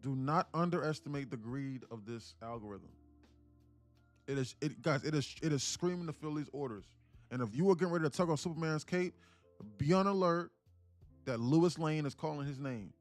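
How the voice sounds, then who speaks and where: A man's voice: fairly high pitch, moderate pace, dry recording, faint music behind. A man with a New York accent hosting a day-trading livestream, talking casually in loose, profane street slang and repeating phrases in chant-like runs. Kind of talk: casual live-stream commentary.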